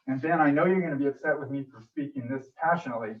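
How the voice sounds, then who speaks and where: A man's voice: mid-range voice, very fast, hardly any pauses. A man giving an emotional, frustrated public comment at a city meeting. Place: council meeting room. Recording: distant dull room mic.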